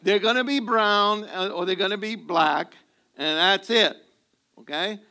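This man's voice sits high and comes across bright and forceful at a measured pace. He's a pastor delivering a sermon, spinning amusing stories and acting out bits of conversation.

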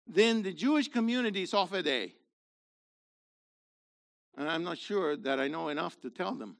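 A man's voice: high-pitched, normal speed, creaky, long pauses. A man leading his congregation in a sermon, asking them questions and building to emphatic, rhetorical peaks. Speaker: messianic congregation leader.

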